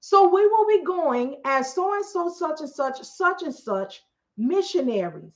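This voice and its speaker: A woman telling a long story in a casual, animated way, acting out what other people said. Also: high voice, measured pace. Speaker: storyteller host. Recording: muffled lo-fi recording.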